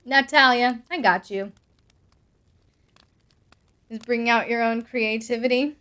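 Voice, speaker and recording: A woman's voice: fairly high pitch, slow pace, bright, forceful tone. A young adult woman hosting a live stream, reading viewer comments aloud with bubbly asides and frequent laughs. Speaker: host answering patron questions.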